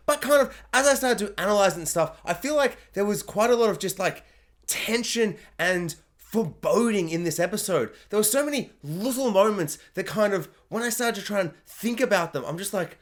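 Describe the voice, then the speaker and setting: A young man with a high, light voice talks through a TV episode recap. He rambles in a loose, chatty way, full of asides and little impressions of the characters. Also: lively intonation. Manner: chatty, rambling, quick to act out quotes. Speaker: TV review vlogger. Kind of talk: casual spoken recap and review.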